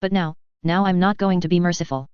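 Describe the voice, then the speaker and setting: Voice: mid-range voice, fairly even intonation, brisk, clean tone, no room sound, close to an everyday voice. A narrator voicing a cruel mocking male vampire. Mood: menacing. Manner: menacing, mocking. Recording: slightly dull, lo-fi.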